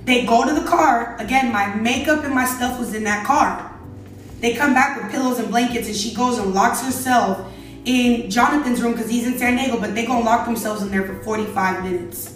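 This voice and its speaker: A woman's voice: fairly high pitch, normal speed, far from the mic. A young adult woman telling a casual story, chatty and exasperated, talking straight to her viewers. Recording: very echoey room, away from mic, faint music.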